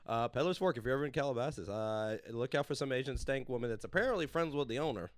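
A man from Los Angeles hosting a casual comedy podcast, crude and loud, often putting on voices for bits. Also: mid-range voice, quick pace, no echo, studio quality. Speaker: podcast host.

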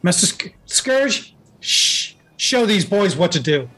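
A man voicing a huge, gruff female orc ship officer who barks curt orders. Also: mid-range voice, very animated, slow pace, fairly bright tone, full character voice. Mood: commanding. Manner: curt, commanding.

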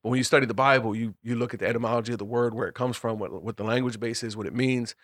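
A man of middle pitch talks through scripture with a small group in a loose, chatty way. He circles back on his words, restarts sentences and laughs easily while he explains. The sound is close and dry, with almost no room around it. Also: steady tone, very fast, a bit bright, no room sound. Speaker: Bible study leader. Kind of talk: casual group Bible discussion.

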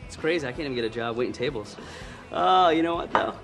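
A man's voice: medium pitch, expressive, quick pace, lightly acted, poor audio. An actor playing a desperate, out-of-work male ex-banker who rambles bitterly. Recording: film audio with music behind.

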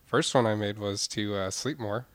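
A man's voice: fairly low pitch, moderate pace, a bit bright, no room sound. A man co-hosting a comedy podcast, playfully boasting about his New Year's resolutions. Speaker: co-host.

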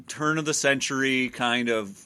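A man co-hosting a casual movie-review chat, recapping the plot with wry asides and quick character voices. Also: medium pitch, pushed and bright, clean tone. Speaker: podcast co-host.

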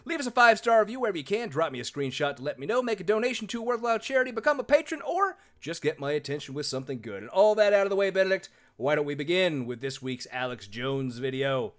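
A man hosting a podcast in casual chat, animated, laughing often and rambling. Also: on the high side, quick pace, few pauses. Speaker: podcast host.

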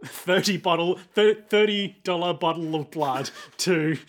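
Male co-host, slightly high voice, casual and giggly, slips into quick character bits. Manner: laughs often, acts out characters in quick quips. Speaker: podcast co-host. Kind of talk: casual recap chat.

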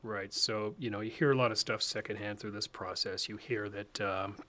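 A man hosting a political interview, asking questions in a brisk, animated, conversational way. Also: fairly low pitch. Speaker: host.

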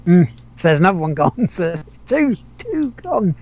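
Guy rambling on a gaming podcast, laughs a lot, swears, slightly high voice, dull lo-fi sound. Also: sing-song, normal speed, a little mellow. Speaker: podcast host. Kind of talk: casual gaming chat. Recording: dull lo-fi audio.

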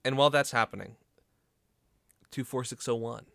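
A man's voice: medium pitch, moderate pace, vocal fry, fairly bright tone, dry recording. A man narrating as game master for a tabletop role-playing game, casual and hesitant with fillers.

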